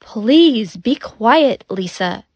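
A woman lends her own voice to a nervous male bank manager in a learners' storybook, hushed and pleading. The voice sits fairly high and moves slowly, with a dry, close sound. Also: animated, dry recording, highs cut off. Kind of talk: graded reader story for learners.

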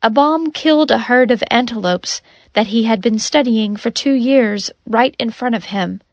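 A woman voicing a quick-witted female doctor in a storybook reading, speaking earnestly and insistently. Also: a little high, no echo, highs cut off, close to an everyday voice.

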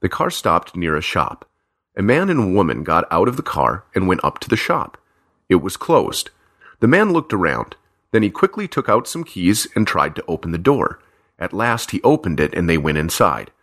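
A man narrating a simple graded story slowly and carefully for language learners. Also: low-pitched, very animated, a bit bright. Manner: slow, careful, evenly paced reading.

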